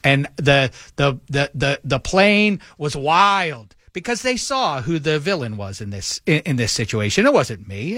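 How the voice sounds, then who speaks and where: A middle-aged man co-hosting a sports radio show, telling a lively anecdote and acting out the quotes in it. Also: fairly high pitch, measured pace, few pauses, no room sound, studio quality. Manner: animated anecdote teller, acts out quotes. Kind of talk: radio banter, storytelling. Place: radio studio. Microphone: studio microphone.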